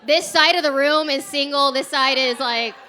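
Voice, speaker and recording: Bright, high-voiced woman doing stand-up. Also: normal speed, some chatter behind, slight background noise. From Texas. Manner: chatty, self-mocking, laughs through punchlines. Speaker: stand-up comedian. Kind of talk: stand-up comedy set. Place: comedy club stage. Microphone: handheld stage mic.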